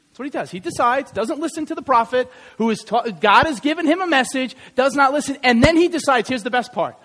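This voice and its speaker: High-voiced man preaching a sermon. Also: brisk, few pauses. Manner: lively, joking with the congregation. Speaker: pastor. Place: church sanctuary.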